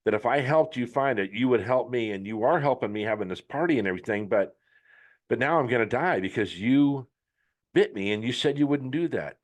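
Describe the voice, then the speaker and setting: A man's voice: mid-range voice, lively intonation, brisk, natural voice. A man voicing a scared young teenage boy in a spoken fable, speaking bluntly and with indignation. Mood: betrayed.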